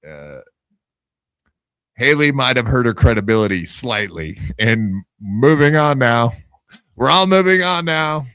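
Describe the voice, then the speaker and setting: Male podcast co-host, mocking, profane, dry close sound, mid-pitched voice. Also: expressive, unhurried, sharp tone, smooth, dry recording. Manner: mocking, incredulous, swears freely. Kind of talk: casual profane commentary.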